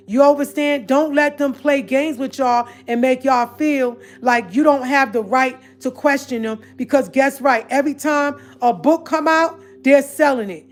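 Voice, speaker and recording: A woman with a high-pitched voice delivers an emphatic, confrontational rant straight to her viewers, repeating her points over and over. Faint music sits low in the background. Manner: emphatic, repetitive, confrontational, talks straight to the audience. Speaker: online commentator addressing viewers. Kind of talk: casual direct-to-camera rant.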